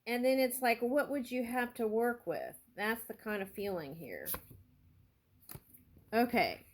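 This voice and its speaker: A woman gives a spiritual tarot reading in an unhurried, earnest way. She thinks aloud, pausing and circling back, and lets her emotions come through as she speaks. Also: on the high side, very animated, slight background noise. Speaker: tarot reader.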